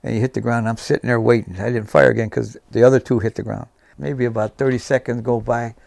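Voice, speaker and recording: A man in his seventies, a veteran guest, vividly recounts his war memories and acts out the dialogue. His mid-range voice is gravelly and darkish, and he talks fast with a flat delivery. The recording has no echo.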